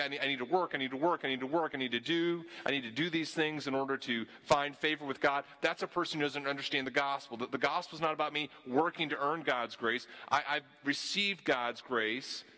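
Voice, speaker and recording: Bright-voiced pastor with a Southern lilt. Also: male voice, mid-range voice. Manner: earnest, frequent word repeats and restarts. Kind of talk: sermon.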